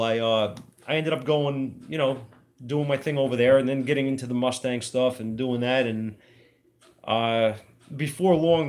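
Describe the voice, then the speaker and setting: Plainspoken man telling a shop story. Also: mid-range voice. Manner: rambling and plainspoken, with trade slang and mild swearing. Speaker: auto mechanic and shop owner. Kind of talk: casual storytelling to camera.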